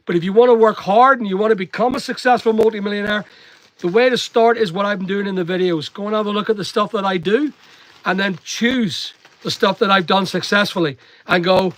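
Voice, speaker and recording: A man's voice: high voice, fairly quick, fairly bright tone, no echo. A man from Northern Ireland with a half English, half Northern Irish accent, chatting casually and motivationally while packing orders. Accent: mixed English and Northern Irish. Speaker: online seller and vlogger.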